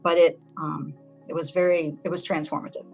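A woman author being interviewed, talking in a reflective, halting way with frequent restarts. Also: low voice, level tone, a little mellow, faint music behind, poor audio. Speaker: author and guest. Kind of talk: conversational interview.

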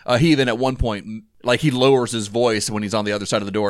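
A man's voice: on the low side, steady tone, fast, clean tone, no echo, clean studio sound. A man co-hosting a casual film talk, rambling with lots of fillers and restarts. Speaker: podcast co-host.

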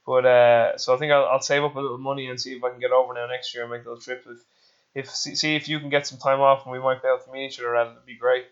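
A man's voice: medium pitch, flat delivery, very fast, lo-fi sound. An Irish man hosting a casual interview, rambling and repeating words, swearing freely. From Ireland. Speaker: podcast host.

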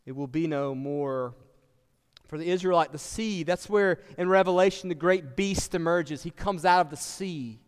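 A man's voice: a little high, normal speed, clean tone, in a large hall. A man preaching a sermon as pastor, talking conversationally and asking his listeners questions. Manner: conversational, asks the congregation questions.

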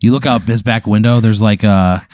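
A man's voice: fairly low pitch, fairly even intonation, moderate pace, a little mellow, dry recording. A man narrating an improvised comedy scene as game master in a laid-back way. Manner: laid-back, describes scenes in second person.

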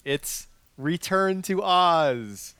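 A man co-hosting a casual movie podcast, with a smooth, resonant voice in a dry, close sound. He is easygoing and thinks aloud as he talks. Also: sits high, lively intonation, drawn-out words, bright, forceful tone, no room sound. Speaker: podcast co-host.

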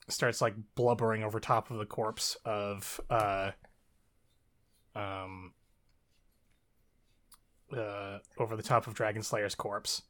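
Bright-voiced man chatting loosely. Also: medium pitch. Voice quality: bright, lots of fillers and swearing, laughs often. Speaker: podcast co-host. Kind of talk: casual chat about a story.

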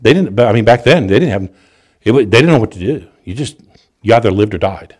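A man preaching a sermon, telling stories with animated delivery, restarts and chuckles. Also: fairly low pitch, fairly quick.

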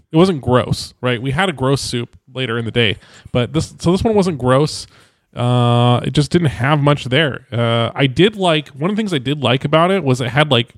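A man's voice: medium pitch, no room sound. A man co-hosting a casual podcast, talking in a rambling way with lots of hedges. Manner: rambling, hedging with fillers. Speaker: podcast co-host.

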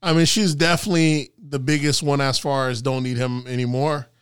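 Male podcast co-host, casual chat, smooth resonant voice, dry sound, laughs often. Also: mid-range voice, a little fast, no room sound. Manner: animated, laughs often, swears freely.

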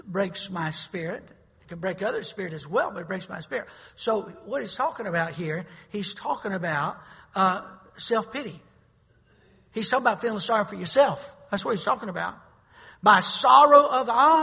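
A man preaching a sermon as pastor, speaking emphatically and swelling into loud declarations. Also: high voice, creaky, breathy edge, in a large hall.

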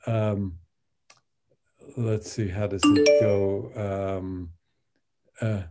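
An older man speaking as a guest in a podcast interview, halting with many fillers and restarts. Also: lowish voice, fairly even intonation, loud music behind the voice. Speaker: guest translator of biblical poetry.

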